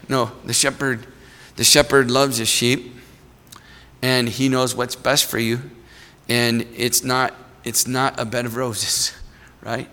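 Guy giving a sermon, bright forceful voice, chatty, long hall echo. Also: medium pitch, flat delivery, slow. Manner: conversational, acts out little voices in his stories. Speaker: preacher.

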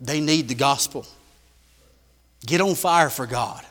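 A man preaching a sermon in a church, shifting from loud emphatic bursts to hushed lines. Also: medium pitch, slow, in a large hall. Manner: emphatic preaching with big swings in volume.

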